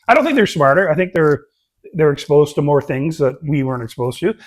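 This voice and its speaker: A middle-aged man co-hosting a casual podcast, his voice pitched a little high for a man. He is jokey and laughs often, then turns reflective when he talks about being a father. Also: lively intonation, fairly quick. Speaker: podcast co-host. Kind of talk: casual chat.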